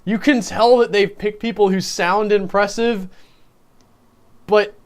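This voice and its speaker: A man with a somewhat high voice co-hosts a casual movie review podcast. He talks in a loose, self-deprecating way and laughs often between his points. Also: steady tone, a little slow, clean tone. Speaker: podcast co-host.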